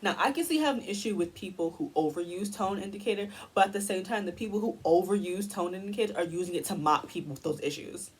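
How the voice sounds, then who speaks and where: A young woman delivers a heated, profanity-laced commentary rant. Her voice is slightly husky and sits at a middle pitch. She sounds exasperated and blunt throughout. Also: fast, hardly any pauses, poor audio. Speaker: commentary YouTuber. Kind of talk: ranting commentary.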